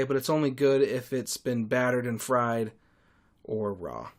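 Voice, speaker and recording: A man's voice: medium pitch, measured pace. A young man hosting a podcast, telling stories in a crude, sarcastic rant. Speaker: podcast host. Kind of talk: solo podcast monologue.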